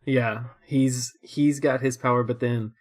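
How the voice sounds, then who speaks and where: A young man trades opinions in a relaxed co-hosted chat. He rambles, circles back on himself and breaks into laughter often, with a middle-pitched voice. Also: unhurried. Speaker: co-host. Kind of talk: casual chat reviewing shows.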